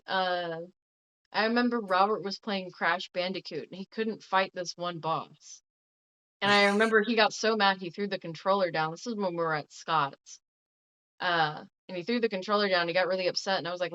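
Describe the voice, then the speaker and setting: A woman co-hosting a casual family chat, telling stories in a relaxed way and laughing easily. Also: lowish voice, clean tone. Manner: relaxed storytelling, quick to laugh. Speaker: podcast co-host. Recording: dull lo-fi audio.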